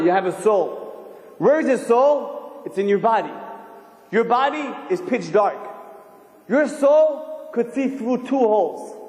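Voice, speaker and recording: A man giving a sermon as a rabbi, animated and firing rhetorical questions at his listeners. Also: very high-pitched. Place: synagogue hall. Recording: echoey hall, long reverb.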